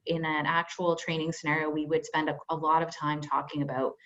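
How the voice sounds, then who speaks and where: A woman's voice: deep voice, level tone, a little fast, fairly bright tone. Chatty woman trainer on a lo-fi call. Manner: conversational, filler-heavy, acts out example dialogue. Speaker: workplace conflict trainer. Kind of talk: webinar presentation. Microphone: video call.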